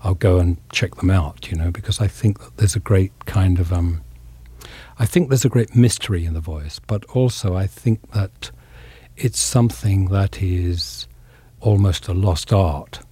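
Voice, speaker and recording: A man from England, an actor being interviewed, talking in a reflective, halting way with many pauses and fillers. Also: sits low, mellow, slightly rough, no echo. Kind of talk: casual interview talk.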